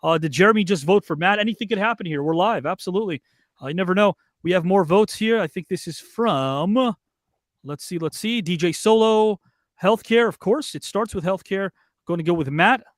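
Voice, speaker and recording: On a live online show, a male host with a high voice upbeatly reads out viewer comments and votes. The recording is brisk, dry and close, with no room around it.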